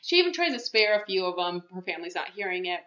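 A woman's voice: fairly low pitch, sing-song, fast talker, pushed and bright. A woman podcast host recapping a movie plot in casual chat, rambling, with many fillers and restarts. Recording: echoey room, muffled lo-fi sound.

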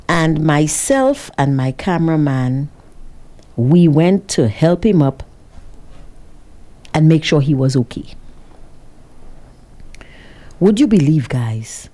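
A woman vlogger telling her viewers a dramatic story, with an animated, expressive delivery. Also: low-pitched. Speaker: vlogger working with a cameraman.

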